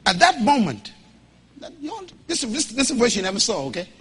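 A Bahamian man preaches with an emphatic, folksy, humorous delivery, building to shouts as he urges the congregation to respond. His voice is extremely high and sing-song, and he moves at a brisk pace.

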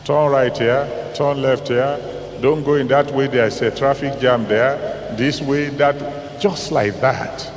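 A man preaching a dramatic sermon, dropping to low asides and rising to loud exclamations. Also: fairly even intonation, slow, slight background noise. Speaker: pastor. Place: large church hall. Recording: echoey hall from a distance.

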